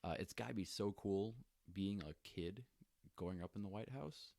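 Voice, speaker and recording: Young male podcast co-host, very low voice, dry close sound, casual joking storyteller. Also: normal speed, vocal fry, dry recording. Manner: relaxed, jokey, many fillers.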